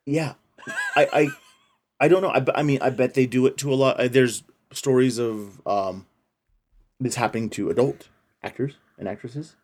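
A man speaks at medium pitch and a moderate pace, his tone a little mellow. As co-host of a casual podcast, he recounts a movie's story and performs the characters' dialogue.

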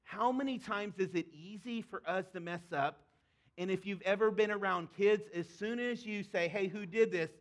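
A man's voice: high voice, normal speed. A man preaching a sermon as pastor, talking to his congregation in a conversational, earnest way and sometimes voicing pleading prayers.

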